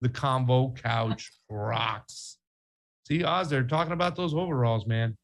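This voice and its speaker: A man's voice: mid-range voice, unhurried. A man from Brooklyn co-hosting a casual news talk show, joking in banter and thanking viewers for contributions. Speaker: co-host.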